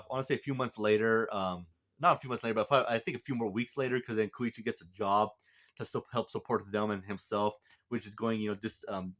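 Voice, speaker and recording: A man's voice: lowish voice, a bit bright. A man casually reviewing a movie, rambling with lots of fillers and restarts. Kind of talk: casual film review vlog.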